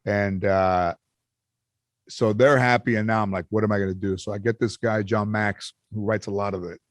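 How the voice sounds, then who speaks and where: A middle-aged comedian in casual podcast chat, telling an anecdote with acted-out quotes and plenty of swearing. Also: male voice, fairly low pitch, normal speed, dry recording, studio quality. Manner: animated storyteller, acts out quotes, swears freely. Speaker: comedian guest.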